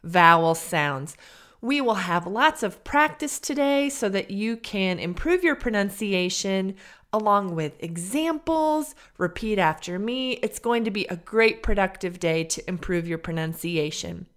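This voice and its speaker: An English teacher and podcast host from Illinois, United States, gives a slow, clear pronunciation lesson in a General American Midwest accent. She speaks carefully and deliberately, drawing out model sounds, with a medium pitch and lively intonation.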